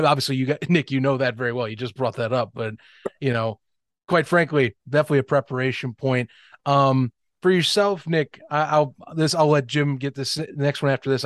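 Excitable higher-voiced male co-host. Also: dry recording, studio quality. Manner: excitable, rambling questions. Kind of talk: casual sports podcast chat.

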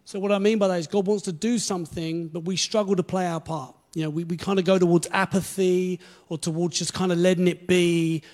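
A man's voice: high-pitched, steady tone, fairly quick, hardly any pauses, darkish tone. Man preaching a conversational sermon. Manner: conversational, encouraging, quotes scripture. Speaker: pastor.

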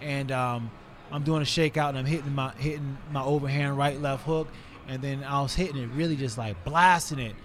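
A man in his forties, a retired fighter, tells stories as a podcast guest in an animated, casual way, with many fillers. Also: mid-range voice, a little fast. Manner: animated, filler-heavy, acts out scenes with raised voice. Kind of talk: casual storytelling in conversation.

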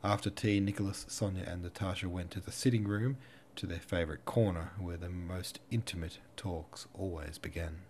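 A man narrating a classic novel as an audiobook podcast host, in a measured, even reading. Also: sits low, slight background noise.

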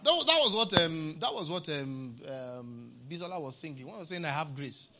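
A male pastor preaching a sermon, playful, often laughing and breaking into shouts. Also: on the high side, sing-song, moderate pace, slight background noise.

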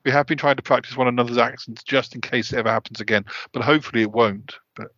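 A man hosting a podcast, rambling through a comedic skit in halting restarts. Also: mid-range voice, fairly even intonation, a bit bright, dull audio. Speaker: podcast host. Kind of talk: comedic audio-drama banter.

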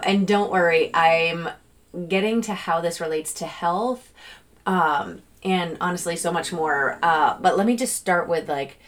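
A woman hosting a podcast on her own, talking casually and animatedly, often slipping into excited quoted gratitude. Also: lowish voice. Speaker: podcast host. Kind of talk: casual solo podcast talk.

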